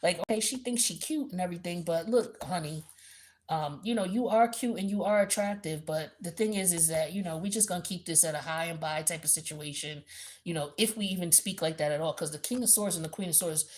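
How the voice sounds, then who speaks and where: Woman, tarot reader, blunt and profane, lowish voice. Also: a little fast. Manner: blunt, animated, profane, slangy. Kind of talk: casual tarot reading monologue.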